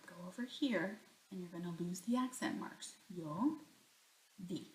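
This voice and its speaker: In an echoey room, a woman with a lowish voice speaks a little slowly as she teaches Spanish grammar. She works through every example aloud and supplies answers to her own questions.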